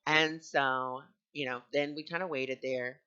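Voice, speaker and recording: Bright-voiced earnest male spiritual teacher. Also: mid-range voice, fairly even intonation, a little slow, smooth, highs cut off. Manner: earnest, conversational. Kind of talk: personal storytelling talk.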